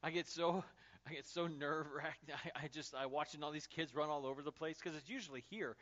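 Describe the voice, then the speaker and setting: Animated high-voiced male pastor preaching. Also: fairly quick, lo-fi sound. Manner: animated storytelling with conversational fillers. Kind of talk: sermon.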